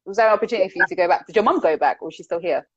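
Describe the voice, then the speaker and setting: A woman, hosting an interview in a casual, chatty way with quick follow-up questions. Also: fairly low pitch, slightly rough, no echo. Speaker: interview host. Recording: slightly dull lo-fi sound.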